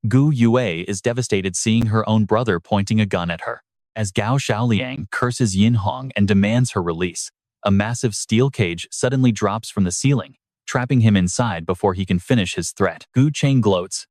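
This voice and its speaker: Male recap narrator: low, steady storyteller, dry booth sound. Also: dry recording. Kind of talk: scripted narration.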